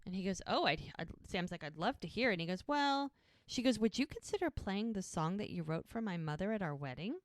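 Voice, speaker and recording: A woman's voice: medium pitch, sing-song, fairly quick, no echo. A woman co-hosts a casual podcast and walks through each scene by acting out the characters' lines. Her voice sits in a middle range. The sound is dry and close. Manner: retells scenes by quoting characters. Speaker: podcast co-host. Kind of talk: casual recap chat.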